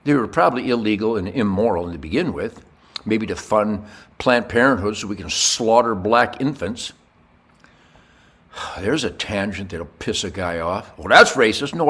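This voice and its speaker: An older man hosting a podcast, ranting in a rambling monologue with crude jokes, swinging from low mutters to loud shouts. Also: lively intonation, measured pace, breathy edge. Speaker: podcast host.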